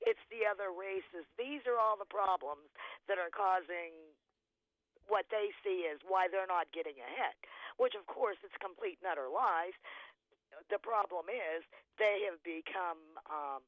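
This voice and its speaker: A woman's voice: lowish voice, a little slow, no room sound. A woman calling in to a radio talk show, speaking bluntly and emphatically and laughing as she talks. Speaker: caller. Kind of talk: call-in radio chat. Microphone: telephone. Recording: muffled phone line.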